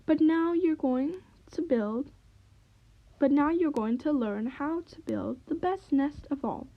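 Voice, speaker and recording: A woman voicing a chatty, bossy female magpie who takes over as teacher, bright and eager. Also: high voice, slow pace, highs cut off. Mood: bossy chirpy.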